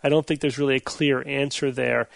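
A man hosting a podcast in casual panel chat, relaxed and laughing easily. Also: mid-range voice, fairly quick, gravelly, dry recording. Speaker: podcast host.

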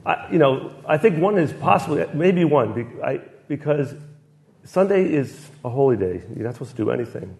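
A man's voice: mid-range voice, very animated, moderate pace, creaky, darkish tone. A man on a podcast panel, rambling through his reasoning with self-deprecating jokes. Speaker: guest panelist. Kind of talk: casual banter.

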